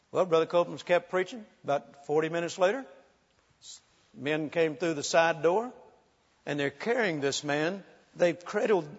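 Male preacher, high and lively, spinning funny tales from the pulpit; dull sound with a long hall reverb. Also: slightly rough. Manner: animated, humorous, acts out quotes, laughs often. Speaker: preacher telling ministry stories. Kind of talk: sermon storytelling.

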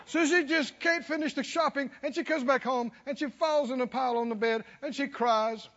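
A man's voice: very high voice, a little fast, fairly bright tone, long reverb tail. A man preaching a sermon, folksy and chuckling, calling out to his listeners to respond. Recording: dull lo-fi recording.

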